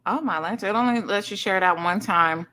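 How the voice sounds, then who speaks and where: A middle-aged woman hosting a livestream in casual chat, effusively greeting each viewer with loud, high greetings and calling people honey and sugar. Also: quick pace. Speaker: livestream host. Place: son's home streaming setup.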